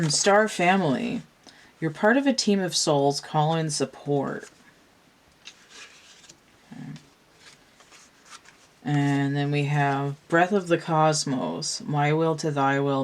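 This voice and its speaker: A tarot reader talking casually through a card spread, musing aloud, tired from pain. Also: medium pitch. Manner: slow, musing, thinks aloud with restarts.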